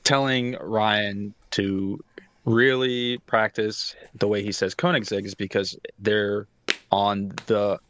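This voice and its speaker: A man's voice: fairly low pitch, a bit bright, no room sound. A man co-hosting a podcast, explaining at length with many fillers in casual chat. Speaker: podcast co-host.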